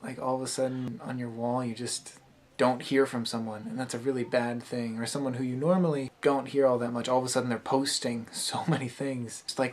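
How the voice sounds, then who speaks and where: A man's voice: mid-range voice, level tone, fairly quick. A young man talking through his thoughts in a casual, rambling vlog monologue, recorded on a camera mic.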